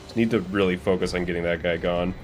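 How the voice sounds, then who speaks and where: A man's voice: low-pitched, fairly even intonation, quick pace, over music. A young man streaming a speedrun, talking casually over his gameplay, swearing and laughing at his own mistakes. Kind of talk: casual live gameplay commentary.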